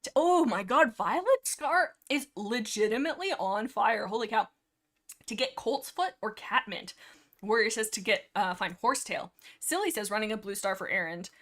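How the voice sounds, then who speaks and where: Her mid-range voice is animated and a touch bright, moving at a moderate pace as she hosts a livestream about a book series she loves. The young woman chats and giggles through the rambling talk, dramatizing dialogue in a playfully exaggerated way.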